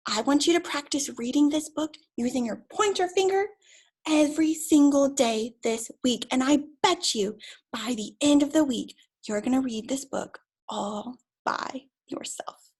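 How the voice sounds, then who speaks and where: A woman teaching young children to read, speaking slowly and encouragingly and drawing out her words. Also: sits high, animated, darkish tone. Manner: slow, drawn-out, encouraging teacher voice. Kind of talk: early reading lesson for young children.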